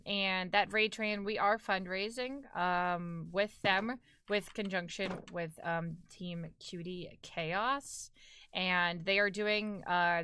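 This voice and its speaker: A woman's voice: fairly low pitch, bright, forceful tone, clean tone. A young woman streaming a game live, chatting casually with lots of fillers and self-corrections. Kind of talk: casual live-stream chat while gaming.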